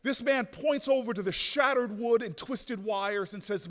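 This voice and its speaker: A man telling a story in a rousing convention speech, often restarting with repeated words and building to shouted peaks. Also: extremely high pitch, unhurried, few pauses. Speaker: speaker at a convention. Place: large hotel ballroom. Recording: reverberant ballroom.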